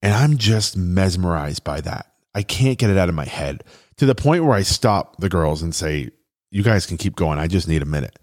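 A man's voice: sits low, expressive, normal speed. A man telling a personal story in an earnest, chatty way, with fillers and restarts, at times getting choked up.

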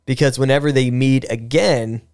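A man in a casual podcast chat, retelling things in a rambling, stop-start way, tripping over his words and starting again. His pitch sits in the middle, neither high nor low. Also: steady tone, normal speed, darkish tone. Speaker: podcast host.

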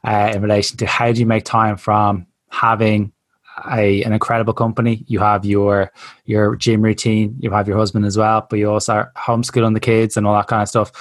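A man hosts a podcast in an easygoing way, asking long and rambling questions. His low voice stays flat and even. It sounds dry and close, with no room sound. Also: no room sound. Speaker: podcast host. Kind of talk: casual interview chat.

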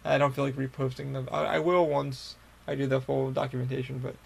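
A young man recounts a personal story on his podcast in a loose, meandering monologue. His voice is heavily gravelly and stays flat in pitch, sitting at an ordinary male height. He swears freely and circles back on himself with fillers and restarts. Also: fairly quick. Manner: rambling, profane, full of fillers and restarts. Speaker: podcast host.

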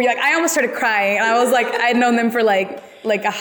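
A woman's voice: on the high side, brisk, a bit bright, in a large hall. Chatty woman hosting a casual podcast. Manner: chatty, heavy use of "like" fillers. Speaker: podcast host. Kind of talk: casual chat.

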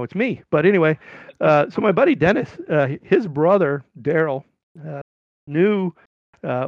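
Gravelly middle-aged man telling a rambling story. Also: fairly high pitch, no echo, muffled recording. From California. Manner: rambling, animated when quoting people. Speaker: podcast guest. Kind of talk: casual storytelling.

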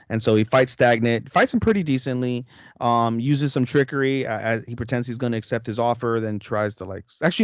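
A man's voice: medium pitch, clean tone, no echo. A man co-hosting a podcast, recapping a story in a rambling, slangy way with heavy swearing. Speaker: podcast co-host. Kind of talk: casual recap chat.

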